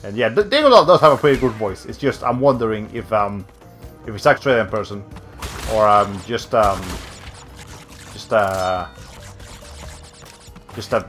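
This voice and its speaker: A man's voice: mid-range voice, a bit bright. A young man giving casual, rambling commentary while streaming a video game, often cutting himself off mid-sentence. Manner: rambling, self-interrupting, with many fillers.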